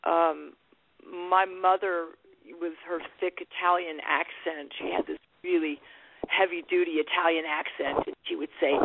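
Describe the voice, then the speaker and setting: A woman's voice: fairly low pitch, level tone, measured pace, gravelly, slight background noise. A woman guest musician talking candidly in a phone interview, restarting her sentences and laughing often. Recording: tinny phone line.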